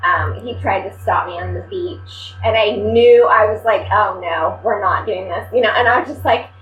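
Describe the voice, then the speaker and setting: A woman's voice: mid-range voice, normal speed. Chatty woman in an echoey house. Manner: animated storytelling with quoted voices. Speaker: podcast co-host. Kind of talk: casual chat. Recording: echoey room, dull sound, faint music. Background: faint music and fans.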